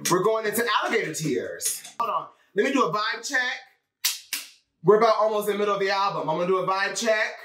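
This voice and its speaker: Animated man reacting to an album. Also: sits high, fast talker. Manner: animated, exclaiming, addressing viewers as y'all. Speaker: music reaction host. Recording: roomy, slightly distant mic with music.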